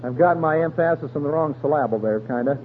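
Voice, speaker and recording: Folksy high-voiced radio preacher. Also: male voice, fast talker. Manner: folksy, colloquial storytelling with slang. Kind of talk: radio sermon. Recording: tinny radio broadcast with faint hum.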